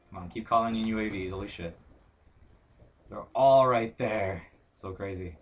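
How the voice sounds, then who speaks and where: A young man giving live commentary over a shooter match, muttering play-by-play, swearing constantly and breaking into angry shouts. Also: on the low side, moderate pace, long pauses. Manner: mutters play-by-play under his breath. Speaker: gaming commentator.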